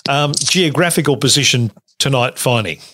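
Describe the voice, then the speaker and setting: A man's voice: mid-range voice, normal speed, sharp tone. A man hosting a radio show, teasing his co-hosts in casual banter and laughing often.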